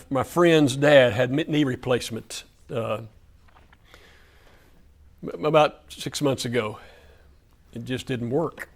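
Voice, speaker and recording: A man leading a Wednesday night Bible study before a church audience, speaking emphatically with lots of repetition and slipping into folksy storytelling. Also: medium pitch.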